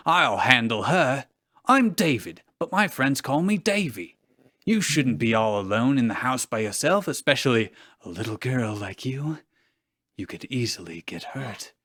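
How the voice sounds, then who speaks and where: Man doing creepy sweet-talking singer, Manchester accent, lively pitch, dry sound. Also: measured pace, dry recording. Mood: smarmy. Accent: Manchester English, put on. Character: creepy charming English pop singer man.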